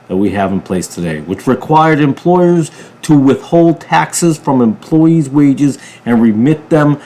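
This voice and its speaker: A preacher from a ministry channel delivers an emphatic political commentary monologue, swinging from loud bursts to low mutters.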